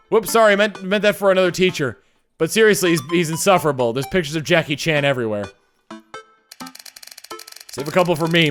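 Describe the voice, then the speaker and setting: A man's voice: on the high side, fairly bright tone. A man streaming a video game, reading its text aloud with playful jokey commentary. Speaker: streamer playing a dating game. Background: game music.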